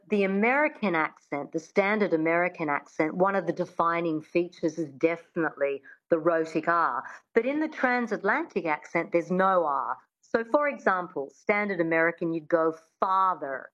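A woman's voice: lowish voice, animated, normal speed, a bit bright. Aussie woman dialect coach explaining stuff, demonstrates sounds, a bit dull lo-fi sound. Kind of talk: studio interview, teaching accents.

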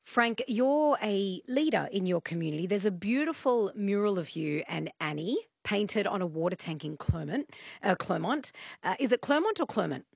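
Gravelly-voiced woman radio host. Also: medium pitch, animated, moderate pace, no echo, clean studio sound. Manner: friendly, curious questioning. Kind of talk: radio interview. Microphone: studio microphone.

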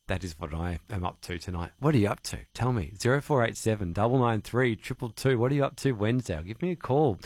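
A man's voice: medium pitch, dry recording. A man with an Australian accent hosting a radio show, chatting in a friendly way with a few restarts. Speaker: radio host. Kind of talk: casual on-air chat. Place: radio studio. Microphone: studio microphone.

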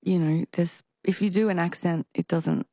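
A woman, a singer, talking in a casual interview with halting speech and frequent restarts from a stutter. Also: lowish voice, fairly even intonation, mellow, dry recording, studio quality. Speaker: singer and performer, interview guest.

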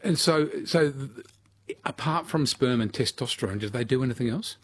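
A man's voice: mid-range voice, lively intonation, normal speed, husky. A man hosting an interview, asking curious, chatty questions and tripping over repeated words. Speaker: interviewer host.

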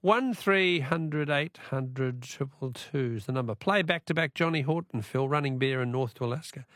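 A man's voice: medium pitch, moderate pace, a bit bright, dry recording, clean studio sound. An Australian man hosting a radio talkback quiz in a chatty, friendly way, with frequent fillers.

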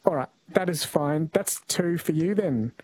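A man's voice: a little high, measured pace, darkish tone, rough recording. A man hosting a radio call-in quiz, chatting casually with callers and often correcting himself mid-sentence. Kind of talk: casual talkback radio chat.

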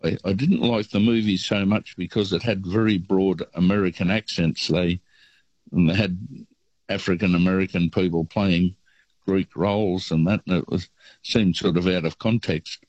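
An older Australian man phones in to a radio show and rambles easily through a story. His voice is very low. The line sounds dull and lo-fi. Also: steady tone, normal speed, darkish tone, no room sound. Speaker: caller. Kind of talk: phone-in chat, telling a travel story.

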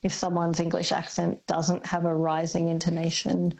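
An Australian woman speaking as a linguist on a radio talk show, thoughtful and hesitant with many pauses and ums. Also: lowish voice, monotone, vocal fry, a little mellow. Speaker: linguist guest. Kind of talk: radio interview.

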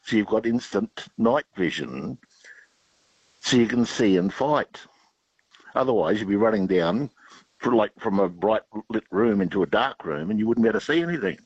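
A man's voice: fairly low pitch, animated, moderate pace, a little mellow, breathy edge, dry recording. A middle-aged man calling in to a radio show, telling pirate jokes and facts in a playful, hammy way. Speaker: caller. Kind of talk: phone-in chat telling jokes. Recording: dull lo-fi phone line.

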